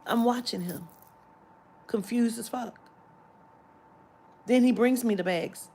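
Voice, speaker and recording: A woman vlogger telling a story in an animated, profane, exasperated way, filmed on a phone in a shopping area. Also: on the high side, slow, long pauses, slightly rough. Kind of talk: storytime vlog.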